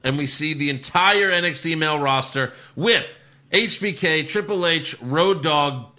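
A man's voice: fairly high pitch, unhurried. A man co-hosting a podcast, recapping a wrestling show in a laid-back, chatty way. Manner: laid-back storytelling, acts out bits in loud voices. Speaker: podcast co-host. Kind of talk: casual wrestling recap chat.

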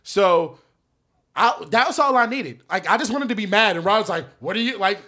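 A man's voice: high-pitched, animated, normal speed, sharp tone. A man in casual chat, vocal and swearing freely as he explains himself.

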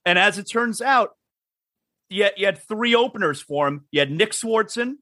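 Lively high-voiced radio host. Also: male voice, normal speed, no echo, clean studio sound. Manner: animated storytelling, acts out quotes. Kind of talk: casual talk show banter.

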